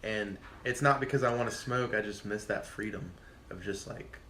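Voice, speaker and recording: A man in his twenties, a podcast guest, telling a casual story in a profane, animated way and acting out what people said. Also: lowish voice, moderate pace, a little hiss or hum. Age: 20s. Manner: profane, animated, acts out quotes. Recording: echoey room.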